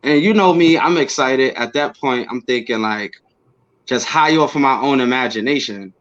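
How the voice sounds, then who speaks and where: A man being interviewed, telling a personal story casually and acting out what he said back then with bursts of energy and laughs. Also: mid-range voice. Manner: animated, acts out his own past words with quick bursts and laughs. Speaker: interview guest. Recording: slightly dull lo-fi audio.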